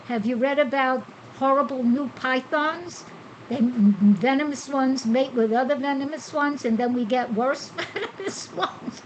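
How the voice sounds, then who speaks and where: Chatty high-voiced woman podcast host. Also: a little slow, slight background noise, poor audio. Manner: chatty, rhetorical questions and answers. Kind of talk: casual spiritual podcast talk. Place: Costa Rica.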